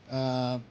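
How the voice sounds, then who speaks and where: Quiet, laid-back male streamer. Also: medium pitch, slight background noise. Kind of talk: casual gameplay chat. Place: home at night.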